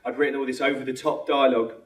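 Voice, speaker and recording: Fast-talking man, echoey cinema hall. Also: mid-range voice, level tone, recorded from a distance. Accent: London English. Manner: fast, rambling, full of restarts and quoted dialogue. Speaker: film director. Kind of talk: Q&A answers after a screening. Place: cinema auditorium.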